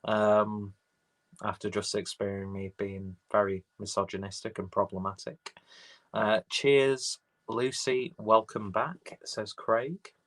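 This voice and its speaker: A man's voice: fairly low pitch, fairly even intonation, takes it slowly, a bit bright, low-quality recording. A man with an English accent, hosting a casual livestream and reading viewers' comments aloud, rambling and swearing freely. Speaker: livestream host reading chat.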